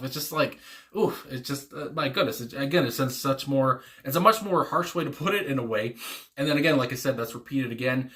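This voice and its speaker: Rambling man with a bright voice. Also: mid-range voice, expressive, a little fast. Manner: rambling, many fillers and restarts, chuckles often. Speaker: music reaction channel host. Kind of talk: casual spoken reaction commentary.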